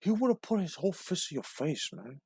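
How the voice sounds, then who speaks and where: A guy putting on a cocky cuban gangster voice, trash-talking, pitched up high, bone-dry sound. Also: sing-song, brisk, warm tone, breathy edge, no room sound, full character voice. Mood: boastful. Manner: brash, taunting, ends phrases with "man". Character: swaggering foul-mouthed male Cuban gangster.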